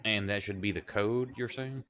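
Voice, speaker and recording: A man's voice: fairly low pitch, moderate pace, a bit bright, a little hiss or hum. A man playing in a tabletop game, thinking aloud as he works through a puzzle. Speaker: player. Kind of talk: casual tabletop play.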